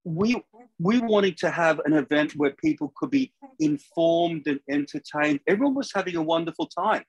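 An older man hosting an interview over a video call, speaking in a measured, thoughtful way. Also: on the high side, big pitch swings, gravelly, slightly rough, no echo, poor audio. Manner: measured, thoughtful, with small restarts. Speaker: podcast host.

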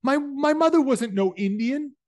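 A man reading aloud voices an angry young homesteader who shouts back defiantly. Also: extremely high pitch, lively intonation, normal speed, pitched above the performer's own voice. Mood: outraged.

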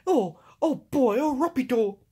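A woman's voice: high voice, expressive, dark tone, breathy edge, exaggerated voice. A woman voicing a cheerful male cactus with a put-on Spanish accent, dropping Spanish words in home toy play-acting. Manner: sprinkles Spanish words, drawn-out "oh, see". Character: cheerful male Mexican cactus, friendly and easygoing.

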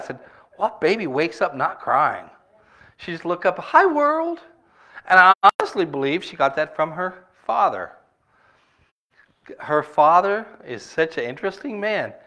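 A man's voice: on the high side, fairly bright tone. A middle-aged male pastor preaching a sermon in a conversational, storytelling way, full of rhetorical questions to the congregation.

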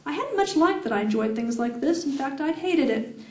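A woman reads her own fiction aloud at a fan event, slowly and deliberately, with a sensual lilt. Her voice is a little high yet mellow. It is heard from afar in an echoey room. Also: expressive, far from the mic. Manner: slow, deliberate, sensual reading. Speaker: author reading her novel. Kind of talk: public reading of fiction.

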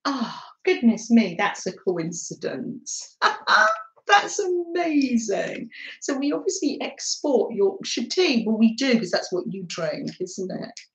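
Taking her time, an Englishwoman with a slightly high voice and big pitch swings chats casually on her craft livestream, reading live comments, greeting viewers by name, and giggling often. The room is echoey.

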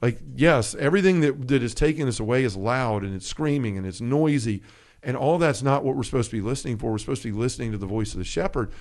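A man co-hosting a faith podcast in a relaxed chat. He tells a story with energy and acts out the quotes. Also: medium pitch, fast talker. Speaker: podcast co-host.

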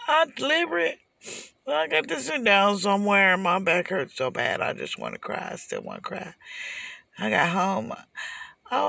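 An older woman, ranting as a delivery driver from her parked car in an animated, repetitive way, swinging from shouting to whispering. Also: medium pitch, vocal fry, no echo. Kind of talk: ranting vlog.

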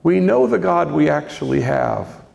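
Older priest, slow and gravelly, gentle storyteller, long hall reverb. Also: male voice, fairly high pitch, big pitch swings. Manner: gentle, reflective storytelling with quoted dialogue. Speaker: priest giving a talk. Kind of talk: storytelling lecture on faith. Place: large lecture hall.

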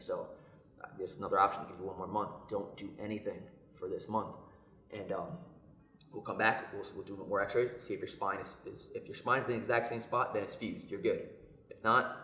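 A young man telling a personal story in a casual podcast chat, lively and acting out what others said. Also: on the low side, fairly quick. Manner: animated, acts out quoted voices. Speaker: podcast co-host. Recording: echoey room.

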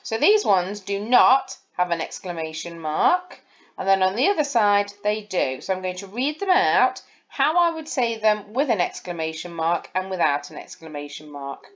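A woman's voice: medium pitch, expressive, normal speed, dull audio. A woman, a primary school teacher giving a recorded lesson and explaining patiently, step by step, to young children. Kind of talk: recorded lesson over slides.

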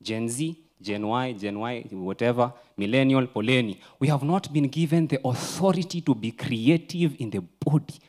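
A Kenyan man preaching a sermon in a church, mixing English and Swahili, swinging from loud urging to a near-whisper. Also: medium pitch, moderate pace, hardly any pauses. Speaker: pastor.

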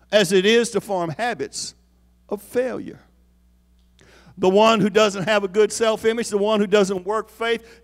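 A man's voice: sits high, fairly bright tone. A man preaching a sermon as an apostle, repeating lines for emphasis and calling on the congregation to respond. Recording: long hall reverb.

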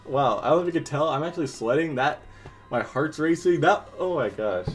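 A man's voice: a little high, lively intonation, brisk, faint music behind. A man talking through a toy unboxing to viewers, exasperated and jumpy, breaking into laughter. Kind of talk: casual unboxing commentary.

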